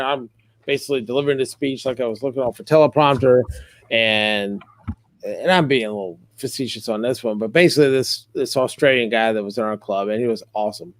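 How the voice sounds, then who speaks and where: A middle-aged man telling a funny story on a podcast, animated and joking. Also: mid-range voice. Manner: animated, joking, acts out quotes. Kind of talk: casual storytelling.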